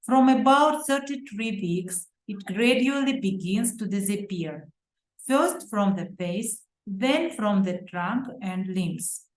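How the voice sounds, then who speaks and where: A woman with an Uzbek accent lectures slowly and deliberately on pediatric medicine. Her voice sits at a middle pitch and she stops now and then on fillers and restarts. The room around her is roomy and echoing. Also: expressive. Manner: careful, deliberate reading with hesitant fillers and self-corrections. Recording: roomy echo.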